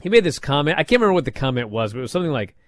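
Animated man recapping wrestling. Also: on the high side, rapid-fire, no room sound. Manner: animated storytelling with frequent fillers. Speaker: wrestling show reviewer. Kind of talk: casual podcast recap.

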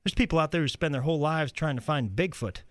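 A man from St. Louis, a guest comedian in a radio studio, telling stories in a laid-back, halting way with lots of filler. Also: a little high, no echo. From St. Louis, USA. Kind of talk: stand-up storytelling.

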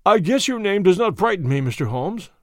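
A man's voice: high voice, sing-song, normal speed, dry recording, clean studio sound. A man doing an oily, sneering swindler. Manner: oily, mocking. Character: burly unctuous swindler, smooth then sneering.

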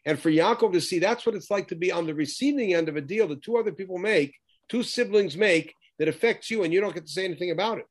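A man's voice: high voice, quick pace, few pauses. A man teaching a lesson on scripture, posing rhetorical questions and acting out the quoted lines. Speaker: Bible teacher. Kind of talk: lecture on scripture.

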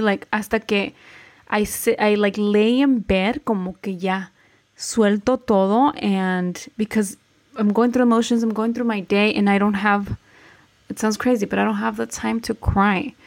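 Gravelly-voiced woman chatting casually. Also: medium pitch. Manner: switches between English and Spanish, many fillers. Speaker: podcast co-host. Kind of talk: casual chat.

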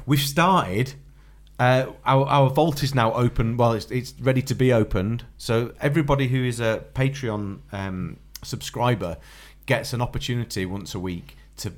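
A man co-hosting a podcast, chatting casually and plugging the show's extras. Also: mid-range voice. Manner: relaxed, chatty, nervous about doing accents. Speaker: podcast co-host. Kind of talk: casual chat.

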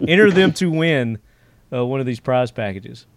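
A man hosts a casual podcast, telling rambling stories full of fillers and frequent chuckles. His mid-range voice has lively intonation and a slow pace, with no room sound.

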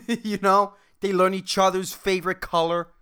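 A woman's voice: medium pitch, fairly even intonation, normal speed, fairly bright tone, clean tone. A woman hosting her own podcast, ranting profanely and exasperatedly in a rambling, comedic solo monologue. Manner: rambling, with restarts and filler. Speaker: podcast host.

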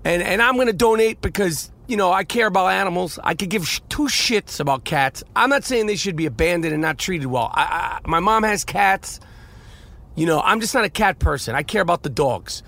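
A man's voice: high voice, expressive, brisk, fairly bright tone. A man hosting a solo podcast from his car, rambling and profane with many restarts, his voice congested from a nasal infection. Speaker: podcast host. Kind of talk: casual solo podcast monologue.

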